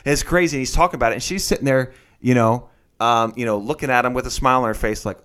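A man's voice: medium pitch, fast talker, clean tone. A man in casual chat, retelling a story animatedly and acting out the people he quotes. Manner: animated storyteller who acts out quotes in shifting voices.

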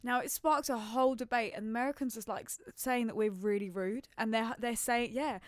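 A woman's voice: on the high side, steady tone, a little fast, no room sound, clean studio sound. A young woman co-hosting a podcast, telling stories in chatty, giggly casual talk. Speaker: podcast co-host. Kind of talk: casual chat.

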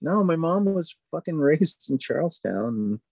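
A man rambles through relaxed podcast banter, piling on filler words as he goes. His pitch swings widely. The sound is dry and close, with no room around it. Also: a little slow, vocal fry, slightly rough, no room sound. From Boston area. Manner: rambling, lots of "like" and "you know". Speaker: podcast co-host. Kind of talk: casual chat.

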